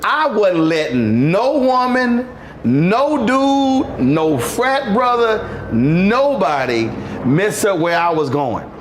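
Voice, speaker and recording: Male host, mid pitch, lively swinging delivery, noisy feed. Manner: blunt, profane storyteller with quick backchannels. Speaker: talk show host. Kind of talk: casual talk-show chat.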